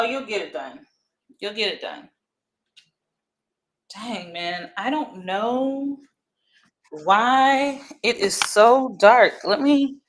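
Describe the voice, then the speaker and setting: On a casual morning live stream, a Louisiana woman chats warmly with viewers, greets them by name, and laughs often. Her voice sits a little high.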